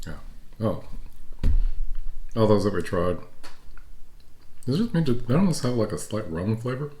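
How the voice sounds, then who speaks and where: A man's voice: lowish voice, moderate pace. A man from the United States co-hosting a food vlog, chatting in an easygoing way during a taste test. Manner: relaxed, easygoing, thanks viewers. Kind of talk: casual taste-test chat.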